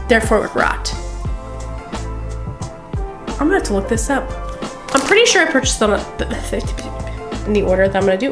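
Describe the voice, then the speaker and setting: A woman's voice: fairly high pitch, roomy sound. A woman vlogging a resin craft tutorial in her home craft room, chatty and playful, full of rambling asides. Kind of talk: casual crafting tutorial chat.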